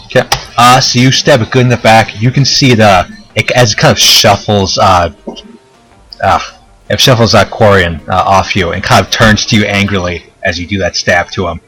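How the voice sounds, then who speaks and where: A man as game master, explaining rules in a relaxed way with many fillers. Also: lowish voice, normal speed, breathy edge, poor audio. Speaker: dungeon master. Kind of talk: running a tabletop game.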